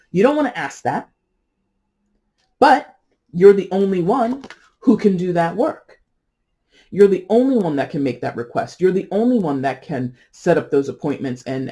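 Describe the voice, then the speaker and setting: Rambling, mellow-voiced tarot reader. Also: medium pitch. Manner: rambling, laughing, self-correcting. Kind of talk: casual tarot reading monologue.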